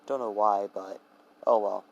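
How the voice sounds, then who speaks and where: A man's voice: on the low side, fairly even intonation, a little slow, creaky, highs cut off. A man voicing a teasing ancient trickster god. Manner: teasing, pouty and breezy.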